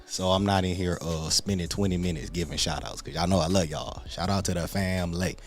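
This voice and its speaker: A man's voice: low-pitched, steady tone, fairly quick. A man hosting a casual livestream, greeting viewers by name in laid-back slangy talk. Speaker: livestream host.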